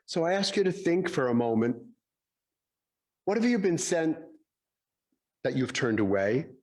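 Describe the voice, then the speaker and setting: A man in his sixties giving a Sunday sermon, telling stories gently and acting out the dialogue in them. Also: a little high, very animated, a little slow. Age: 60s. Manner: gentle storytelling, acts out dialogue in quotes. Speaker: speaker at a Sunday service.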